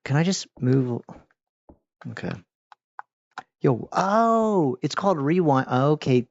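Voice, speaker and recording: A man's voice: fairly high pitch, lively intonation, slow pace, no echo. A man casually commenting while he plays a video game, chatty and distracted, talking back to the characters. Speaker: gaming streamer. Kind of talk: casual let's-play commentary. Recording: dull lo-fi mic.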